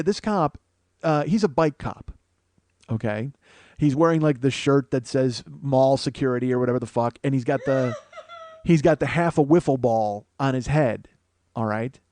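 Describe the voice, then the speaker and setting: A man hosting a podcast, telling a comic story as a profane rant that swings between mumbled asides and loud outbursts. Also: mid-range voice, normal speed, no echo. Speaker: podcast host. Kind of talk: comedic storytelling monologue.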